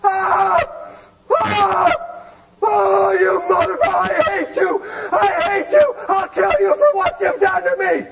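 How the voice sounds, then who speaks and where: A man's voice: very high voice, slow pace, gravelly, fairly bright tone, shouting, far from the mic, lo-fi sound, pitched above the performer's own voice, exaggerated voice. A man acting out a screaming, furious woman in labor, shrieking and cursing.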